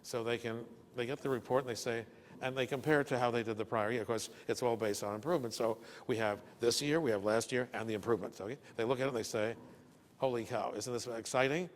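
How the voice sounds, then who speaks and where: Older male keynote speaker, folksy and joking, mid-pitched voice, long hall reverb. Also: steady tone, fast, a little hiss or hum. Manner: folksy, joking storyteller who asks "okay?" often. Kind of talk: business lecture with anecdotes. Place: breakfast event hall.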